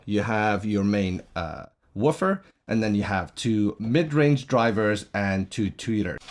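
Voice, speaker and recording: A man reviewing a product, casually walking through its features one by one in a plain explanatory way. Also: lowish voice. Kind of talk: casual product demo walkthrough. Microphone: shotgun mic on a stand.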